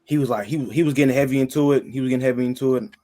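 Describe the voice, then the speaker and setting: A young man hosting a podcast, telling stories in casual chat, animated and slangy, swinging from loud outbursts to low mutters. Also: rapid-fire. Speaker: podcast host.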